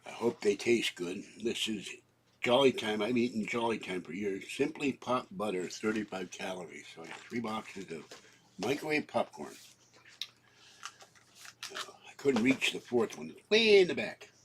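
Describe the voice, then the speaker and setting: A man's voice: on the low side, expressive, normal speed, a little hiss or hum, poor audio. An older man with a cough, chatting casually and rambling through his shopping haul at home, with fillers and frequent coughing fits.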